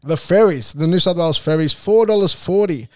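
A man's voice: high voice, a little fast, darkish tone, dry recording, studio quality. A young man with an Australian accent hosting a casual podcast, chatty and hyped, with lots of filler words and banter. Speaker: podcast host. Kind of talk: casual solo podcast chat.

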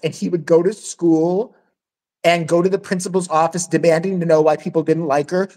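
A woman's voice: fairly low pitch, steady tone, brisk, dark tone. A woman hosting a podcast, telling a crude, blunt story in casual chat and swearing freely. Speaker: podcast host.

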